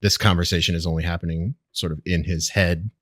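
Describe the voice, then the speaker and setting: A man's voice: sits low, steady tone, fast talker, a bit bright, no echo, studio quality. A man co-hosting a podcast, chatting casually and with amusement about a TV episode. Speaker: podcast co-host.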